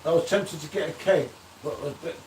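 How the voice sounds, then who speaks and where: On a casual live beer-review stream, the male host banters and reads out what viewers comment. His slightly high, darkish voice is brisk with fairly even intonation. Recorded in an echoey room at a distance from the mic, with a touch of hiss or hum.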